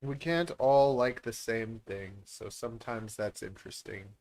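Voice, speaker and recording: A man's voice: medium pitch, unhurried, darkish tone. Brief: a man from Canada hosting a casual reptile Q&A stream, rambling and self-mocking. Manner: rambling, self-deprecating, many filler words. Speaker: reptile breeder and channel host.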